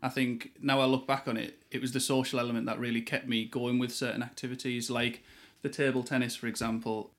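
Relaxed man chatting as a guest. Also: mid-range voice, brisk, hardly any pauses. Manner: relaxed, rambling with fillers and restarts. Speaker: guest, yoga teacher. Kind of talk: casual interview chat. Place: studio.

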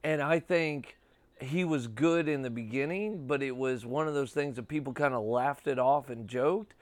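Podcast host, male, thirties, smooth voice, dry close sound, loose rambling delivery. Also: medium pitch, moderate pace, no room sound. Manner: rambling, swears casually, lots of "dude" and "like". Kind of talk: casual chat.

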